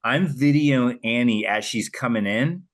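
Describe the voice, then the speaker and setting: A man co-hosting a podcast, telling stories in a lively, casual way and swearing freely. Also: medium pitch, a little slow. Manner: animated storyteller, swears casually. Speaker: podcast co-host. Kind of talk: casual chat.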